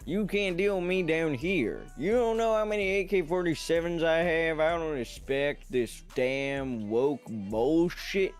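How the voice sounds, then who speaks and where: A man voicing a loud, grumpy, gun-loving Mississippi redneck in a put-on Southern US accent, blustering and drawling. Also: a little high, animated, measured pace, few pauses, smooth, faint music behind, voice pushed up.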